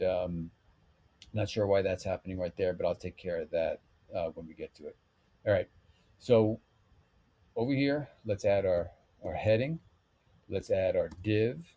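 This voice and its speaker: A man hosting a screen-recorded web design tutorial, calmly talking through each step with frequent fillers. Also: sits low. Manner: relaxed step-by-step talk with fillers. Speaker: web developer tutorial host.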